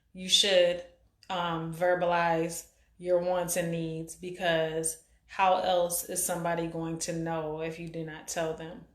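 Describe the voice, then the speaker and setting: A woman of about forty hosting a live stream, chatting casually and rambling with lots of fillers as she greets viewers. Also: lowish voice. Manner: rambling, halting, many fillers. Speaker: live-stream show host. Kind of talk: casual chat reading viewer comments. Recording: echoey room.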